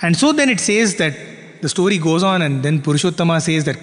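A man telling a parable as a spiritual teacher, animated and full of rhetorical questions. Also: on the high side, normal speed. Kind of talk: storytelling sermon. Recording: long reverb in a hall.

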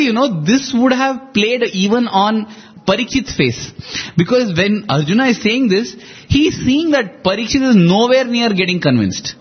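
A man's voice: high voice, husky, lo-fi sound. A man retelling an epic story in a podcast chat, animatedly acting out the characters' lines.

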